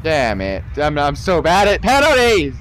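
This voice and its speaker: A young man streaming a football video game live, chatting to viewers, swearing and yelling at misses. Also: a little high, measured pace, soft background music. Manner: excitable, swears and yells at misses. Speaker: gaming streamer.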